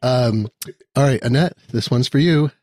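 A man's voice: mid-range voice, normal speed, darkish tone, no echo. A man hosting a podcast game show, chatty and self-correcting as he reads cards aloud.

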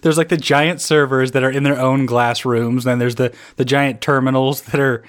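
A man's voice: mid-range voice, fairly even intonation, normal speed. A man in casual chat, enthusiastic, stumbling over repeated words. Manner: enthusiastic, stammering restarts.

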